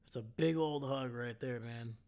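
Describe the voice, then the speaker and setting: Man, tired, rambling, self-correcting, casual live-stream commentary, talks to chat, medium pitch. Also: darkish tone. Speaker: live draft reaction streamer.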